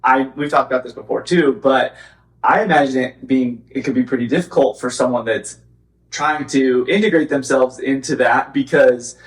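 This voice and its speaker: A man's voice: medium pitch, normal speed. Male host from a small desert valley town; easygoing, rambling talk, roomy and slightly distant. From Arizona's Gila Valley. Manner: rambling, many restarts. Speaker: podcast host. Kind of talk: casual chat.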